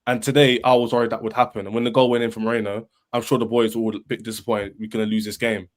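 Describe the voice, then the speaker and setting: A man, a football fan panelist, arguing in an animated, emphatic way on a podcast and repeating himself. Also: lowish voice, racing. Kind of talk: heated football podcast debate.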